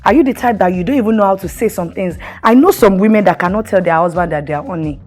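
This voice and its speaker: A woman's voice: medium pitch, fast talker, darkish tone, soft background music. A middle-aged woman, hosting a talk show and giving earnest, preachy marriage advice while putting questions to the listener.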